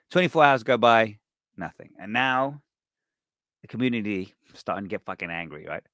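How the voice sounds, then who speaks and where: A man hosting a podcast, telling a story in a casual, animated way, swearing and acting out what people said. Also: fairly low pitch, brisk, no echo, studio quality. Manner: animated, swearing, acts out quoted voices. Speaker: podcast host.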